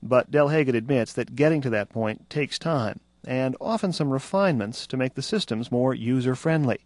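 A man reporting a radio news feature in a measured, scripted narration. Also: medium pitch, no echo. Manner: measured, even delivery.

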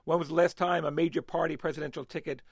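A man's voice: fairly high pitch, fairly even intonation, fast, gravelly, no echo, studio quality. A man talking politics as an analyst on a radio talk show, hesitant with many fillers and restarts.

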